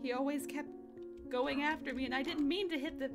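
A woman hosting a let's play, chatting to game creatures and breaking into excited shrieks. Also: high-pitched, a little fast, loud music behind the voice. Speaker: gaming channel host. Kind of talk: let's play gaming commentary.

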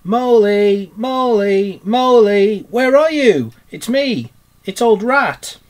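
Man voicing a water rat, storybook, brave, good-natured, brisk, reassuring, husky, a little higher and louder. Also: animated. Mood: calling out. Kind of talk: storybook read-aloud.

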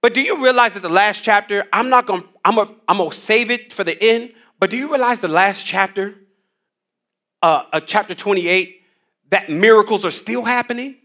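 Wearing a headset mic, a man leads a church Bible study in a high, pushed, bright voice at a moderate pace. He teaches energetically, using casual slang and call-and-response lines with the room.

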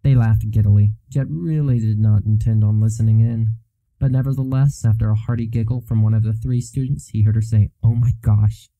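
Male audiobook narrator, steady storytelling, low and very mellow. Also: brisk, no echo, poor audio. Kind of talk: scripted narration of a fantasy novel.

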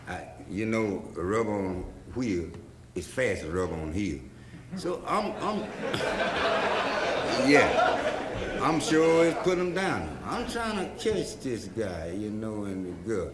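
A man's voice: fairly low pitch, sing-song, slow, pauses often, echoey room. A man telling a rambling story in a loose drawl, talking blues over guitar. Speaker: blues singer. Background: electric guitar playing.

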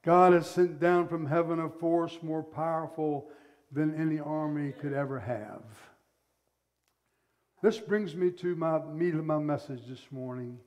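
A male pastor preaching a sermon, telling the story in an animated way and acting out the scenes. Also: on the high side, highs cut off.

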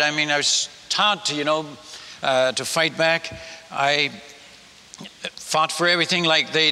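A man's voice: fairly high pitch, pushed and bright. Older Dutch man preaching in a hall. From Netherlands. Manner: folksy, humorous, with many restarts. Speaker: missionary speaker. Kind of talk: storytelling sermon. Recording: long hall reverb with faint noise.

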